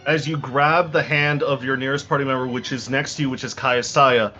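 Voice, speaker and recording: A man running a tabletop game as game master, narrating dramatically and slowing down for effect, with frequent restarts. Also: mid-range voice, steady tone, bright, forceful tone. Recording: dull lo-fi recording, faint music.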